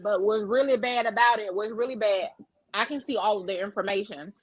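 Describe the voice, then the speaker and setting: A woman co-hosting a podcast, telling a story in a brash, profane, animated way. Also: mid-range voice, a little fast, lo-fi sound. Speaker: podcast co-host. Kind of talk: casual storytelling chat.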